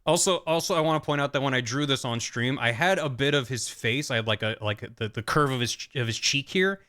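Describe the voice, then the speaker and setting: A man's voice: mid-range voice, fairly quick, sharp tone. A man in casual stream commentary, rambling with restarts and trailing off.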